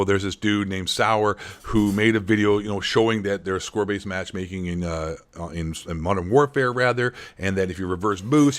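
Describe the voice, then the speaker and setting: A man's voice: lowish voice, a bit bright. A young man hosting a sarcastic commentary vlog, rambling with joking asides. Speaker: gaming commentary channel host.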